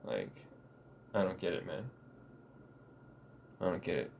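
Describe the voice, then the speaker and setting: A man's voice: low voice, sing-song, a little slow, creaky, a little mellow, slight background noise. A man vlogging in a casual, rambling monologue, profane and laughing often.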